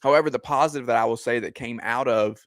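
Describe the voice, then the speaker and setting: Measured man hosting a sports podcast. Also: mid-range voice, dry recording. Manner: measured, steering the discussion. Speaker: podcast host. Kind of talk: casual sports talk.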